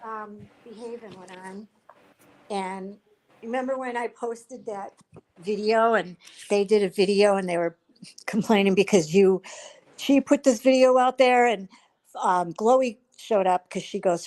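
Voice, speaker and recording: A woman's voice: mid-range voice, a little slow, darkish tone, low-quality recording. A woman hosting a live stream, chatting casually and retelling conversations in detail with quoted back-and-forth. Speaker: livestream host.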